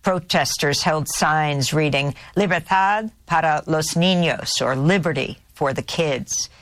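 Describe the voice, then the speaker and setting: A woman hosting a news program, reading reports and questioning a guest in a measured, clear way. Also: deep voice, no room sound. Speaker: news host. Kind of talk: news presenting and interviewing.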